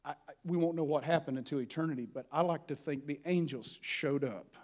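A man's voice: a little high, fairly quick, a little mellow. A man preaching a sermon as a pastor, in a folksy, humorous style with building fervor.

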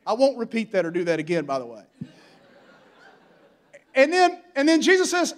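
A man's voice: very high voice, huge pitch swings, normal speed. A man preaching a sermon as a pastor, in a folksy, humorous style with building fervor.

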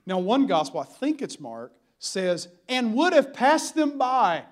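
A man's voice: very high voice, sing-song, measured pace. A man preaching a sermon as a pastor, in a folksy, humorous style with building fervor.

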